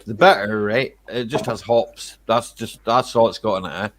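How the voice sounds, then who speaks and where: A man's voice: on the low side, moderate pace, fairly bright tone, a little hiss or hum. Chatty Scottish man hosting a chat. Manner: chatty, rambling, peppers talk with "eh?" and "right?". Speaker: livestream chat host. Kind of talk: casual chat.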